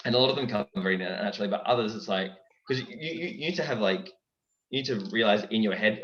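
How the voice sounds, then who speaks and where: A young man chatting casually as a guest in an interview, lively and dropping into character voices. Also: fairly low pitch, fast talker. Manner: animated, breaks into character voices. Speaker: guest, impressionist. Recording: dull, echoey recording.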